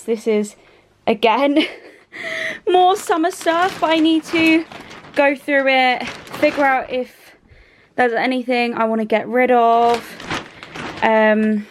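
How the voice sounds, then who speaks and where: Young English woman vlogger, slightly higher voice, relaxed rambling delivery full of fillers. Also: a little hiss or hum. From England. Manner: chatty, rambling with many ums and likes. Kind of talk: casual chat to camera.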